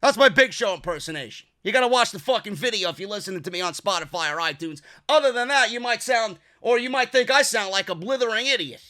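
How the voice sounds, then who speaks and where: A man's voice: high voice, animated, fast, few pauses, pushed and bright. A young man from New York ranting sarcastically and profanely while reviewing a wrestling show.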